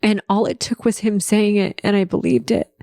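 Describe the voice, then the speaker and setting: A woman's voice: mid-range voice, fairly even intonation, normal speed, warm tone, no echo. A woman hosting her own podcast, telling a personal story in a heartfelt, faith-focused way. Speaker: podcast host.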